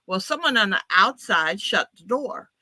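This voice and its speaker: A woman's voice: mid-range voice, animated, normal speed, pushed and bright, no echo. A woman guest on a talk show, telling family stories casually and laughing often. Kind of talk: casual storytelling.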